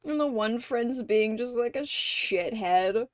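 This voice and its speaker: A woman hosting a casual livestream chat with viewers. She laughs constantly, swears freely and gushes like an excited fan. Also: fairly high pitch, slow pace, dry recording, studio quality. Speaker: streamer host.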